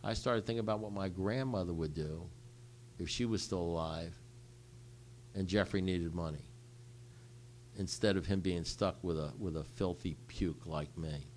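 A man's voice: sits low, moderate pace, long pauses, slight background noise. An older man telling a personal recovery story to a group, speaking bluntly and conversationally and repeating phrases for emphasis.

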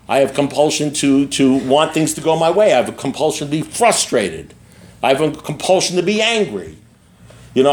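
Blunt, rambling older man speaking candidly. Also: a little high. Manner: blunt, repetitive and profane, with frequent asides to the listeners. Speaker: speaker at a recovery meeting. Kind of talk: candid personal talk to an audience.

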